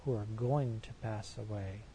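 A man's voice: lowish voice, unhurried, dark tone, slight background noise, poor audio. A man preaching a sermon, reading scripture verses aloud and commenting on them with rhetorical questions in an earnest, emphatic way.

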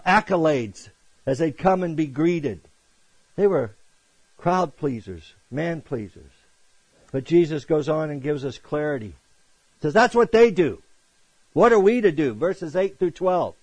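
A man preaching a sermon, acting out quoted greetings and swinging between loud emphasis and quiet asides. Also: on the high side, animated, measured pace, no room sound, rough recording. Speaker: pastor.

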